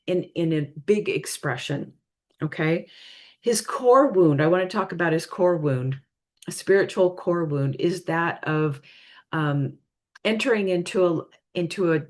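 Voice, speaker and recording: A woman giving a spiritual reading in a casual, hesitant way, apologizing often, her voice tired and straining. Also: on the low side. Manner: hesitant, apologetic, halting with many fillers. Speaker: spiritual reader.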